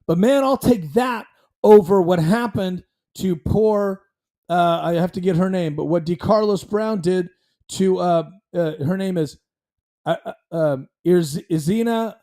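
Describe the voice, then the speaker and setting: Guy ranting on his own show, slightly high voice but dark and mellow, blunt, lots of restarts. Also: measured pace. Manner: heated, blunt, rambling with restarts. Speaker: show host. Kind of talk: casual commentary stream.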